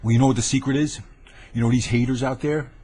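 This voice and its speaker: A man delivers an angry, boastful rant straight into his webcam. His voice is husky and middle-pitched, and he keeps hammering the same phrases for emphasis. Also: fairly even intonation, quick pace, mellow. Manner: combative, boastful, repeats lines for emphasis. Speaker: vlogger ranting to camera. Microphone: webcam mic.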